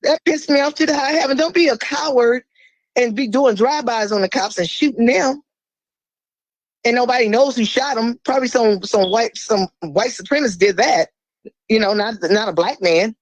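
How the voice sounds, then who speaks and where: A woman speaking as a guest in a podcast conversation, blunt and fiery. She swears freely and drops suddenly into a low, slow voice for emphasis. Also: dry recording, rough recording.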